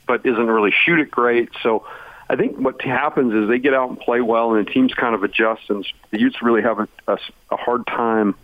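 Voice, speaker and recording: A man's voice: medium pitch, dry recording. A man, a former coach, chatting about basketball on sports radio, rambling with lots of fillers. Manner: rambling, heavy on "you know" fillers. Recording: tinny phone line.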